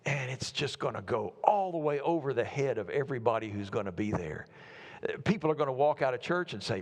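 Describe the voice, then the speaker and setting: A male preacher delivers a sermon with earnest conviction. He builds through emphatic repetition, then slows to soft, weighty phrases. His voice sits at an ordinary pitch and carries a long reverb from a large sanctuary. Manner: earnest, rises to emphatic repetition, then drops to slow quiet words. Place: church sanctuary.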